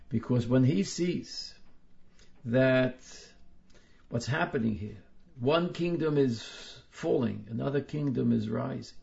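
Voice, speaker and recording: A man teaching a class, reading passages aloud and explaining them, slowing down to stress key words. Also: medium pitch, vocal fry, a little mellow, lo-fi sound. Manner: emphatic, slows down to stress words. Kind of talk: text study lecture.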